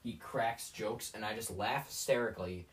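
A teenage boy hosts a podcast, delivering a rambling solo rant that's sarcastic and self-mocking, packed with fillers and restarts. The voice is a man's, lowish and at normal speed, picked up by a distant mic with slight background noise.

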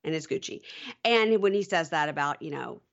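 Low-voiced woman, lively gossip recap. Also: fairly quick, vocal fry, highs cut off. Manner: acts out quotes with lively pitch jumps. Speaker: podcast co-host. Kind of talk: casual recap chat.

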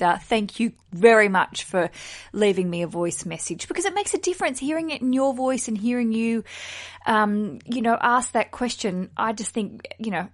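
A woman hosting a podcast, chatting casually about her topic. She sounds frank and expressive and swears now and then. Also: medium pitch. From Australia. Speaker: podcast host. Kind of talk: casual chat.

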